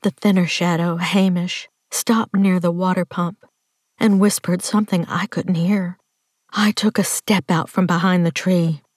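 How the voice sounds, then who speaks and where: A woman narrating a first-person story in a hushed, tense voice, often dropping to a whisper. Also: on the low side, fairly even intonation, a little slow, no room sound, clean studio sound. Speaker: audiobook narrator.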